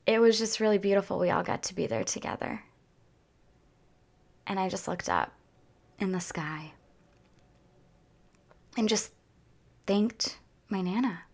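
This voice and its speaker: A woman talking casually to her viewers in a heartfelt, chatty way, near tears and drifting into soft whispers at times. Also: medium pitch, a little slow, creaky, long pauses. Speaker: vlogger. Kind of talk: casual personal talk to viewers.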